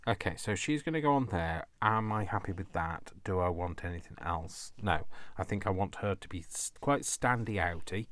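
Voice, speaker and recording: Crafting as he talks, a middle-aged Coventry man, a craft vlogger from England, keeps up a playful casual chat with himself. His voice is low and a bit bright, at normal speed with few pauses.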